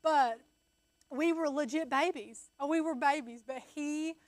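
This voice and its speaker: A young woman with a high, bright voice rambles through stories in a casual chat, acting out what others said and laughing as she goes. The sound is dry and close, with no room behind her. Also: measured pace, dry recording. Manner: chatty storyteller, acts out quotes, laughs often. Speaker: co-host.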